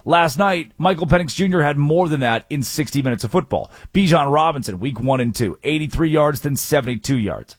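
A man's voice: a little high, lively intonation, a little fast, hardly any pauses, slightly rough, dry recording. A man hosting a sports radio show, energetically rattling off game stats.

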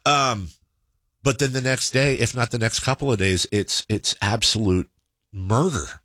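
A man's voice: on the low side, moderate pace, pushed and bright, dry recording. A man hosting a podcast, telling a story in a rambling, casual way, often stopping to correct himself. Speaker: podcast host.

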